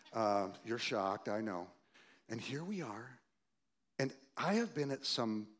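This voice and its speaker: Pastor, man, 60s, storytelling sermon, lively and shifting in loudness. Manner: animated, acts out quoted voices loudly, then drops low and quiet.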